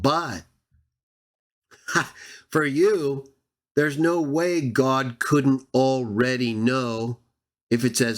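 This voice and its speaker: A man hosting a Bible channel, giving combative verse-by-verse scripture commentary, sarcastic and speaking straight at his opponents, stretching out the verses he reads for emphasis. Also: mid-range voice. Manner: drawn-out emphatic reading of verses. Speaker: Bible teacher and channel host.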